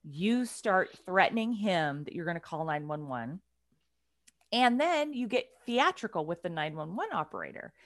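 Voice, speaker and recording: Lively woman telling a story, dry close sound. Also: lowish voice, normal speed, no echo. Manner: animated, conversational, swings between loud and hushed. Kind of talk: casual storytelling chat.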